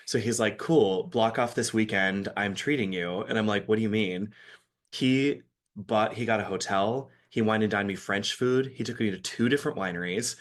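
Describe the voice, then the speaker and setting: A man from Michigan, a podcast guest, telling a story in casual, animated chat with frequent laughter. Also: fairly low pitch, moderate pace.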